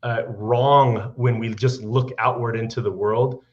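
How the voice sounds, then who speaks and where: A man's voice: medium pitch, steady tone, measured pace. Guy doing a rousing business pep talk, earnest, kinda muffled audio. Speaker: company leader on a business call. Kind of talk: motivational business speech. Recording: dull archived call audio.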